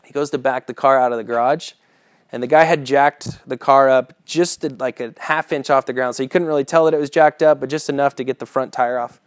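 A man delivers a sermon as a relaxed personal story, chuckling between lines and checking in with "right?" as he goes. His voice sits in an ordinary middle pitch, and the mic is close and dry. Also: brisk, dry recording. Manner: casual storytelling with chuckles and asides; keeps asking "right?" as he preaches. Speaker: preacher.

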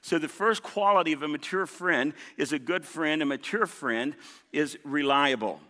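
A man's voice: fairly high pitch, moderate pace, sharp tone. A man preaching a sermon as pastor, emphatic, repeating key points and calling on the congregation for responses. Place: large church sanctuary. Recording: long reverb of a big hall.

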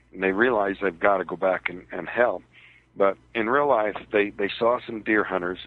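A man calls into a radio interview and, with hesitation and pauses, relates a personal ordeal over a tinny phone line. His pitch is fairly low, and the recording is dry.

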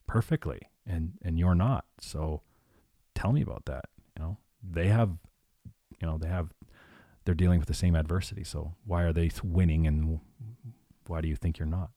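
A man's voice: deep voice, dark tone, no room sound, clean studio sound. A man in his forties, a coach, talking earnestly and reflectively as an interview guest, often restarting his phrases. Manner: reflective, earnest, repeats himself. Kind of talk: conversational interview.

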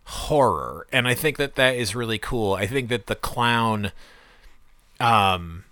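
A man's voice: mid-range voice, lively intonation, takes it slowly, bright, forceful tone, dry recording. A man co-hosting a casual chat about comics, rambling with lots of fillers and restarts. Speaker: podcast co-host.

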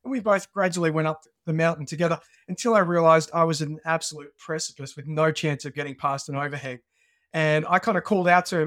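Australian male guest, lively storyteller, slightly higher voice, dry close mic. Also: fairly quick, dry recording. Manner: animated storyteller. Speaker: podcast guest. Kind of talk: conversational interview.

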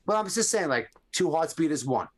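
A man's voice: fairly high pitch, sing-song, a little fast, a crowd in the background. A man co-hosting a casual talk show, wry and teasing, leaning on words for dramatic emphasis. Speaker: podcast co-host. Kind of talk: casual chat.

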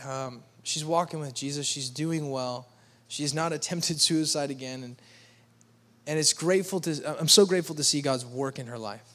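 A man's voice: fairly high pitch, fairly bright tone. A man preaching a sermon to a congregation in an earnest, pleading manner, raising his voice to act out quoted speech. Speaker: pastor.

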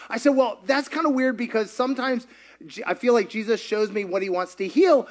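A man preaching a sermon, telling a story in an animated, chatty way and laughing often. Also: sits high, a little fast. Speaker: pastor.

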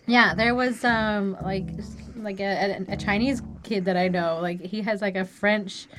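Young woman, casual co-host, rambling and filler-heavy, mid pitch, music bed clearly audible. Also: steady tone, a little slow. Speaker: music review podcast co-host. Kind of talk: casual chat.

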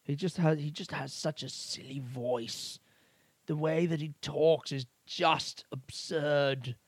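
Rambling comedian, dry close mic. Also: male voice, fairly high pitch, steady tone, takes it slowly, slightly rough, dry recording. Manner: rambling, candid, swears often, lots of fillers. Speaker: comedian podcast host. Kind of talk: casual personal monologue.

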